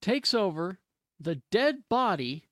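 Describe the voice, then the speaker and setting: A man's voice: high-pitched, very animated, takes it slowly, dry recording, studio quality. A man co-hosting a casual podcast chat, dropping wry jokes. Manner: wry, joking asides. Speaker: podcast co-host.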